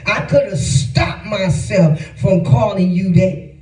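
A man giving a sermon in a lively, conversational preaching manner, joking and laughing with the congregation. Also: high voice, slow pace. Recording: echoey room, voice from far off.

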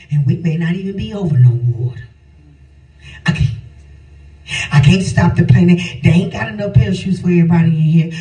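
An older woman preaching a sermon, swinging between shouted phrases and a sing-song cadence. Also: fairly low pitch. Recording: echoey hall, voice from a distance, faint music.

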